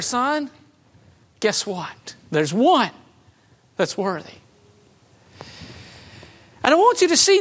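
A woman with a high voice preaches a sermon conversationally, adding light humor. For emphasis she swings between loud and soft.

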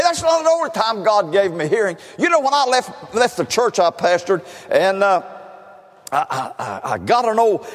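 A high, wildly swinging voice belongs to an older preacher, husky around the edges. He keeps calling out "listen" and stumbles into his phrases as he testifies. A long church reverb trails after every word. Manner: emphatic, repeats "listen" and stammers into phrases. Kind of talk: sermon, telling personal testimony. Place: church sanctuary.

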